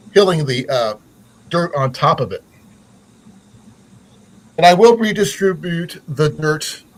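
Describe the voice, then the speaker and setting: A man's voice: a little high, a little hiss or hum, rough recording. A man hosting a casual livestream chat, rambling with many fillers and restarts. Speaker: channel host.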